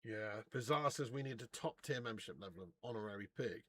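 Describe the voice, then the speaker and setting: A quick-talking man with a lowish voice hosts a live football watch-along. Reading out viewer super chats, he banters, swears plenty, and laughs a lot.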